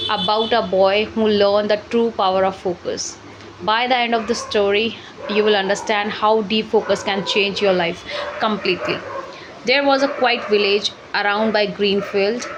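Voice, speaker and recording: A woman reading a story aloud for shadowing practice, halting and correcting herself as she goes. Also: medium pitch, background noise. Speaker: English learning channel host.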